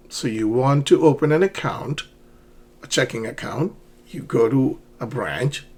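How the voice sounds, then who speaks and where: Man teaching slow English drills. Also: medium pitch. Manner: slow, drilling pronunciation, repeats words. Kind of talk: ESL lesson, reading dialogues aloud.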